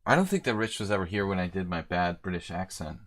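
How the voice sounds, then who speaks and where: A man's voice: low-pitched, lively intonation, fast, fairly bright tone. A middle-aged man streaming a chess game live, thinking aloud and chatting with viewers in a joking, casual way. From United States. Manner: chatty and joking, answering chat mid-game.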